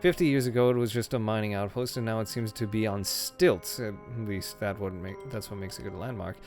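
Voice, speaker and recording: A fussy, self-important academic man, as a streamer reads him out, grumbling about his lot in a low voice. Faint music plays under him. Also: steady tone, fairly quick, a little mellow, lightly acted. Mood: pompous. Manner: pompous, fussy. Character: stuffy male academic turned reluctant spy.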